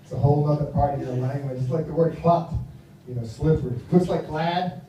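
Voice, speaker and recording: A man's voice: fairly high pitch, brisk, dark tone. An American man in his fifties doing a rambling stand-up comedy set, with a mumbling delivery. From United States. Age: 50s. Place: live comedy venue. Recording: very echoey room, voice from far off, faint noise.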